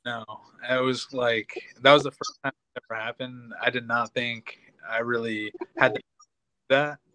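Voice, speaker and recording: A male fighter answers questions with a bright, forward tone and speaks on a flat, even pitch. He sounds laid-back and modest, and the recording is dry. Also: a little slow, no room sound, low-quality recording. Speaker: guest fighter. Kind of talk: casual interview.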